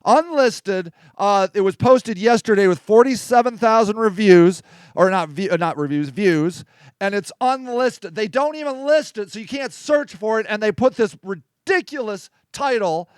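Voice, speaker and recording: A man delivers an angry commentary over a video, his voice sitting very high for a man. He speaks with indignant, profane emphasis. The sound is close and dry, with almost no room echo. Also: normal speed, clean tone.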